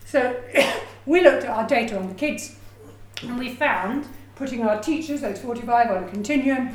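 A woman's voice: a little high, normal speed. Chatty woman lecturing in an echoey room. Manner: lively, chatty, with personal asides and acted quotes. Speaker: education researcher giving a talk. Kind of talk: lecture presentation.

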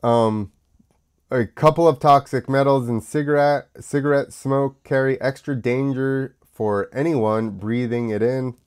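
A man's voice: medium pitch, steady tone, measured pace, darkish tone, smooth. An American man hosting his own show, rambling through casual talk with many fillers, coughing now and then while sick. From United States. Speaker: podcast host.

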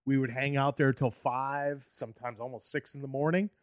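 A man's voice: mid-range voice, steady tone, moderate pace, dry recording. A man with a Boston accent, a comedian in his thirties, telling stories in a rambling, profane way on a casual podcast. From Boston area, USA. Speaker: comedian guest.

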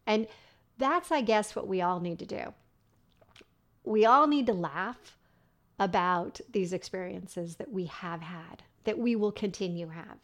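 A woman's voice: medium pitch, steady tone, a little slow. A woman hosting a podcast, telling a funny personal story in a chatty way and laughing along as she goes. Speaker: podcast host.

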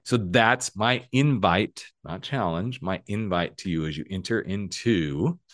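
A man hosting a solo motivational podcast, talking emphatically, with bright stressed words and dropped low asides. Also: unhurried, no echo, clean studio sound. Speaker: podcast host.

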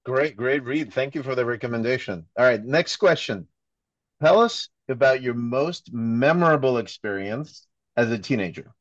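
A man's voice: mid-range voice, expressive, normal speed, no echo. Hesitant male podcast host, dull dry audio. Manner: hesitant, filler-heavy questioning. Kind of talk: interview questions.

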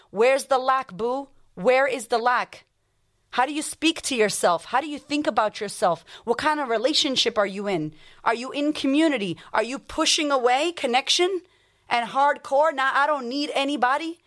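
A woman life coach hosting a motivational podcast, talking bluntly and emphatically with lots of swearing and rapid-fire rhetorical questions. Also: sits high, a bit bright.

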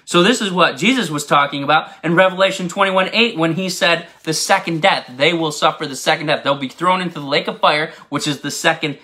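Bright-voiced enthusiastic male preacher. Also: on the high side, brisk, few pauses. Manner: enthusiastic, rambling, laughs at own asides. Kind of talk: informal bible teaching.

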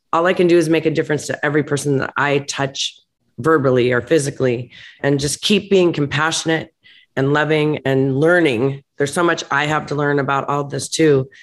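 A woman who owns a restaurant, talking bluntly and emphatically as a guest in a candid interview. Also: deep voice. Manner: blunt, emphatic, gets heated and laughs it off. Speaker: restaurant owner, podcast guest.

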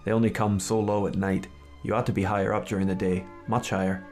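Man reading wary young woman hunter, blunt, plain low voice. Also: little pitch movement, fast talker, a little mellow, faint music behind, close to an everyday voice.

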